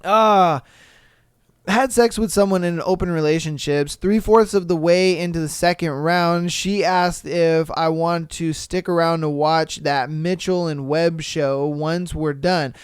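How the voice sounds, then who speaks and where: A man's voice: on the high side, steady tone, unhurried, few pauses, clean tone, dry recording. A man hosting a podcast, reading listener stories aloud and reacting in a laid-back, chatty way with crude jokes. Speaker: podcast host.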